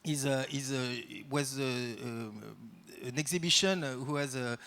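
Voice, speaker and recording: A man with a French accent, a native French speaker, giving an improvised welcome speech to a live audience as host, halting often as he searches for English words. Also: mid-range voice, a bit bright. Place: event venue, addressing a live audience.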